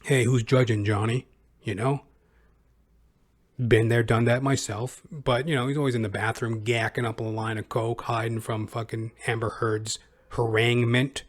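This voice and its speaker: A man's voice: medium pitch, level tone, normal speed. A man hosting a podcast, giving crude, profane and sarcastic commentary in a rambling casual way. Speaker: podcast host.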